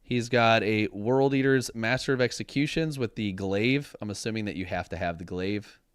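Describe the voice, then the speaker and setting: A man co-hosts a relaxed gaming chat in a smooth, clear voice. The sound is dry and close, with no room around it. He rambles, trails off and hunts for words as he goes. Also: fairly low pitch, moderate pace, no echo. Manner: rambling, loses words mid-sentence. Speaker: podcast co-host. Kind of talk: casual chat. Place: home studio.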